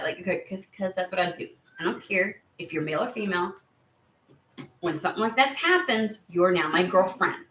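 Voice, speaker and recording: A woman's voice: mid-range voice, normal speed, a bit bright, echoey room. A woman giving a casual tarot reading to camera, chatty and rambling, easily sidetracked. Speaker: tarot reader.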